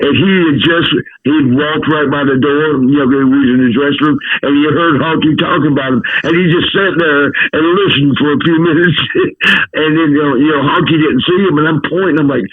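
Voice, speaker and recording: Southern man, guest, laughing storyteller, lo-fi phone sound, dry, slightly high voice. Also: normal speed, husky, no echo. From American South. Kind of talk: casual storytelling. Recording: tinny phone-like line, dry.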